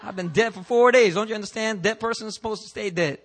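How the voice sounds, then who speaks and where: Preacher putting on a lazy, grumbling man who won't get out of the grave, a bit higher than his own voice, drawling and put out. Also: fast, fairly bright tone. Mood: lazy complaint. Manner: drawling, complaining. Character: lazy dead male Lazarus refusing to rise.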